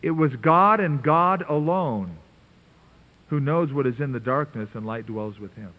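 A man's voice: mid-range voice, expressive, a little slow. Tinny radio preacher, earnest man. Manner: earnest, conversational preaching with emphatic asides. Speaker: pastor. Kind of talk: sermon. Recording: tinny narrow-band radio broadcast.

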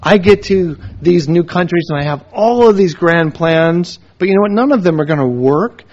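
A man's voice: sits high, expressive, moderate pace, darkish tone. Emphatic man preaching, muffled recording. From United States. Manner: emphatic, repetitive lists of short phrases. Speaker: missionary teacher. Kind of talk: sermon-style teaching with stories. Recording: dull lo-fi recording.

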